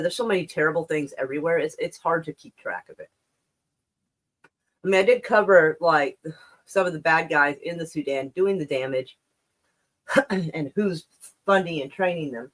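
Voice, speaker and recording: Hosting a laid-back livestream, a woman who sounds a bit out of breath reads the news aloud and riffs on it, cursing and wandering off track with frequent restarts. Her voice is on the low side and a bit bright.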